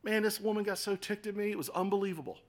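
A middle-aged man preaching a sermon in a conversational, animated way with acted asides. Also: high voice, fast talker. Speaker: pastor.

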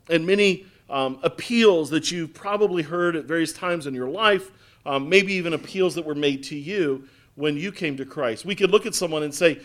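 A pastor delivers a sermon in an earnest, emphatic way, a man whose voice sits a little high. He presses his points home by repeating phrases. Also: fairly bright tone.

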